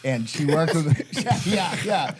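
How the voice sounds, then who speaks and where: A man's voice: fairly high pitch, animated, unhurried, breathy edge, faint music behind. Profane man in his forties telling stories. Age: 40s. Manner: rambling, profane, full of "like" and self-quotes. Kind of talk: casual storytelling.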